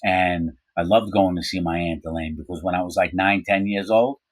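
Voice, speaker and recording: A man's voice: low-pitched, steady tone, normal speed, no room sound, rough recording. A man telling a personal story in a casual, rambling way, full of asides and fillers.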